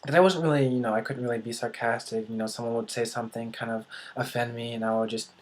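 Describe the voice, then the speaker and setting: A man talks to camera about language learning in a flat, even voice that barely rises or falls. He feels his way through each point, pausing often and restarting his sentences. A dry sarcastic streak runs under his musing. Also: mid-range voice. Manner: hesitant, thinks aloud with many pauses and restarts; dry, self-described sarcastic humor. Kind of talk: casual talk to camera.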